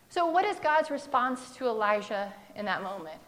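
A woman's voice: mid-range voice, expressive, measured pace, a bit bright, slight background noise. A woman preaching a sermon in a conversational, humorous way, acting out the quotes in her text.

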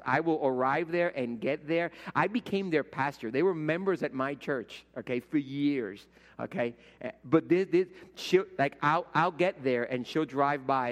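Pastor preaching in a reverberant hall. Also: male voice, on the high side. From Puerto Rico. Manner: animated storytelling preacher, swings from loud to hushed, repeats words. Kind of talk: sermon. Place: church sanctuary. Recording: long reverb of a church hall.

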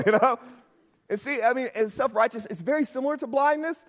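A man's voice: extremely high pitch, brisk. A man preaching a sermon as pastor, talking conversationally, often asking "right?" and acting out quotes.

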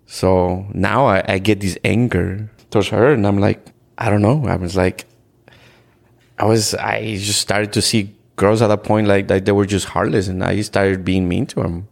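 As a guest on a podcast, a man from Ecuador shares frank stories in conversation, his voice deep and gravelly with a steady tone. He speaks earnestly but haltingly, often starting over and using "like" frequently.

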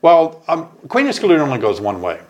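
A man with a Northern US accent that carries traces of the South, hosting a casual beekeeping chat in a playful, animated way with frequent restarts. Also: fairly high pitch, a little fast. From American South. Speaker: beekeeping channel host.

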